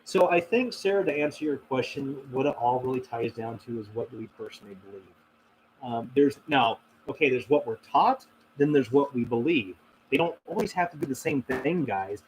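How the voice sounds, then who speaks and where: A man's voice: mid-range voice, animated, normal speed, a little hiss or hum, low-quality recording. A man hosting a casual question-and-answer stream, talking in a reflective, rambling way with many fillers and restarts. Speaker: host answering viewer questions. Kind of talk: casual livestream Q&A.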